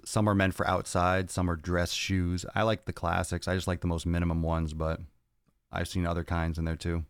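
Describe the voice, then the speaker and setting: A man's voice: low-pitched, no room sound, clean studio sound. A man hosting a fitness podcast, answering viewer questions in a blunt, profane, ranting way.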